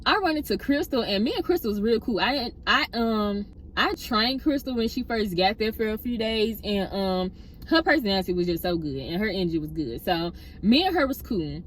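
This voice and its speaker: A young woman casually telling a personal workplace story, chatty and animated, often addressing listeners directly. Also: mid-range voice, moderate pace, slight background noise. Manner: animated retelling with acted-out quotes.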